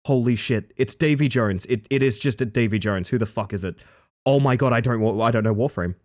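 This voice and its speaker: A man live-streaming, chatting casually with viewers, reading their messages and answering them by name, jumping from excited high yelps to low mutters. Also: fairly quick. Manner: reads chat aloud and answers viewers by name.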